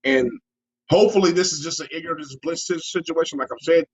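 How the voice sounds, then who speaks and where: Fast-talking husky man, lo-fi sound. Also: a little high. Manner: rambling, repeats words, says you know often. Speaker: podcast co-host. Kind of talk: casual sports talk. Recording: dull lo-fi audio.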